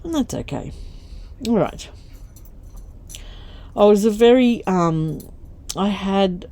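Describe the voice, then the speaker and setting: A woman's voice: lowish voice, warm tone. An older woman, chatting candidly while she sews for her craft vlog, laughing often. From Australia. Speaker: craft vlogger. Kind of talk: casual chat while sewing.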